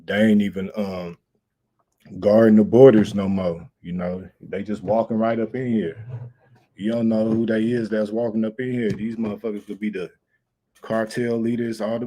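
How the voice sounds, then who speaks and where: Deep-voiced laid-back male livestream host. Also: warm tone. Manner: laid-back, rambling, slangy. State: out of breath. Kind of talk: casual livestream chat.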